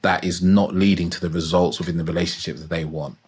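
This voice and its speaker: Deep husky male podcast host. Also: fairly even intonation, fast, darkish tone. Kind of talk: casual podcast interview.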